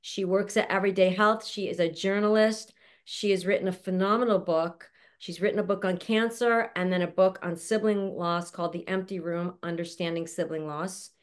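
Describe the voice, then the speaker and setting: A woman's voice: on the low side, fairly even intonation, normal speed. A woman hosting an online panel over a video call, introducing guests in a chatty, affectionate way and laughing often. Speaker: show host introducing a panel. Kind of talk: casual chat.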